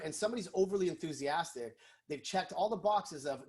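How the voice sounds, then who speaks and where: A man, a guest in a casual interview, explaining sales calls and acting out quick snippets of phone chats. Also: fairly high pitch. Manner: animated, acts out phone calls.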